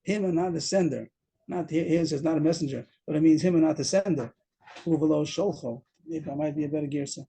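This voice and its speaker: A man's voice: on the high side, brisk, vocal fry, mellow, breathy edge, low-quality recording. A man teaching a Talmud lesson over a video call, explaining step by step and repeating himself as he goes. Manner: explains step by step, repeats words, mixes Aramaic terms. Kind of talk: daf yomi Talmud lesson.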